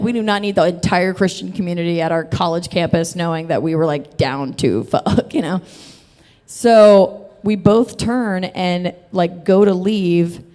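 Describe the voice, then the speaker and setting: Woman storyteller, mid pitch, loose and giggly, cusses, live hall reverb. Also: warm tone. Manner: chatty, laughs often, swears freely.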